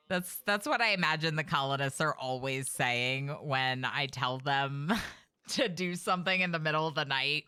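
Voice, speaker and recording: A woman's voice: low-pitched, measured pace, sharp tone, clean tone. A young adult woman streaming a game live, chatting with viewers and reacting aloud to the play.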